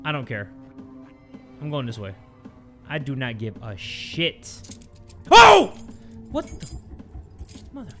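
A man hosting horror game commentary, excitable and swearing, jumping between mutters and sudden yelps. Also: mid-range voice, unhurried, pauses often, loud music behind the voice. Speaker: gaming video host.

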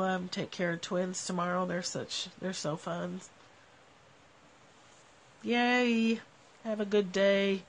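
A woman with a nasal, gravelly voice chats casually to her live viewers about spiritual ideas. She sounds relaxed and reflective, laughs often, and talks into a phone, with a faint hiss underneath. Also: lowish voice. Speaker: live stream host.

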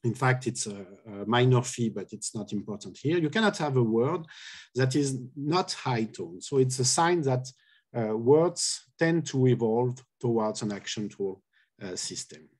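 A man giving an academic linguistics talk, explaining step by step and pausing often on "uh". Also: medium pitch, lively intonation, darkish tone, breathy edge. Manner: halting, many filler "uh"s, careful explanation. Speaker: linguistics lecturer.

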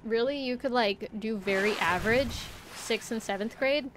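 A young woman livestreams a game and talks to her chat in a loose, rambling way. Her voice sits fairly high. Her chatter is casual and she swears when the game frustrates her. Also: moderate pace, noisy background. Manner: talks to chat while playing. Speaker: VTuber streamer.

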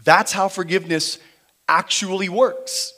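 A man preaching a sermon in a church, moving between quiet, slow emphasis and louder, driven passages. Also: sits high, steady tone. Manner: dynamic preaching, shifting between quiet emphasis and raised intensity. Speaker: pastor. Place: church sanctuary.

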